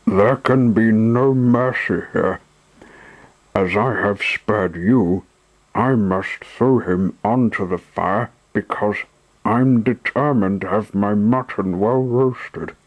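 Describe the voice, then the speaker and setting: A man reading the part of a gruff, harsh puppet showman in a slow, low voice. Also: no room sound, highs cut off. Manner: harsh, commanding.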